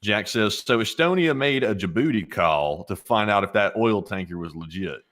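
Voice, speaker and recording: An easygoing, plain-spoken man co-hosts a livestream and reads out viewer donations. His voice sits on the lower side, relaxed and conversational. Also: normal speed. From Southern United States. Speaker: co-host reading donations. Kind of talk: casual livestream chat.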